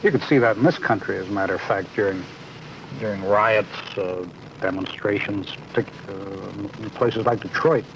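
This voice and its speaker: Measured, low-voiced newsman. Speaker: TV newsman interviewer. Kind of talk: television interview questions. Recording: dull lo-fi 1970s archive audio with faint hiss.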